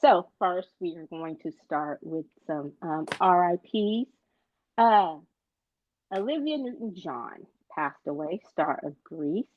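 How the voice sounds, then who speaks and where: A man's voice: high voice, animated, slow, no echo, lo-fi sound. A male co-host chatting casually about pop culture news, playful and teasing, with many fillers.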